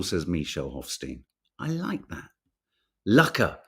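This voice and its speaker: A man's voice: on the low side, wildly swooping pitch, brisk, husky. English guy rambling on a chat podcast, swears a lot, voice jumps all over the place. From England. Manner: rambling, sweary, chatty, reads out viewer names. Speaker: podcast co-host reading viewer comments. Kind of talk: casual chat.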